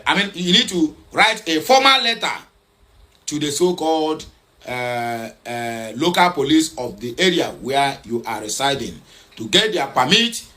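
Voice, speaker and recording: A man's voice: a little high, bright, forceful tone. A man commenting on social media posts, hesitant with many fillers and self-corrections, repeating points urgently. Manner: repetitive, urgent. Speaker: online news commentator.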